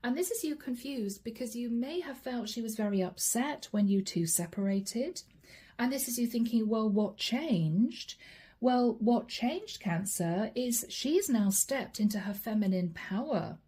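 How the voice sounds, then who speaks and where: A woman's voice: on the high side, lively intonation, normal speed, warm tone, husky. A woman doing a channeled tarot reading, chatting directly to her viewers as she reads the cards aloud. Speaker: tarot card reader.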